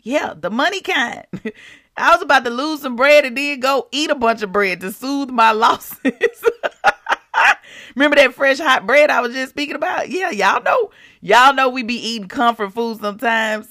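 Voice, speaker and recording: A woman hosting a podcast in a casual, animated faith talk, speaking straight to her listeners and laughing often. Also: mid-range voice, no echo, clean studio sound. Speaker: podcast host.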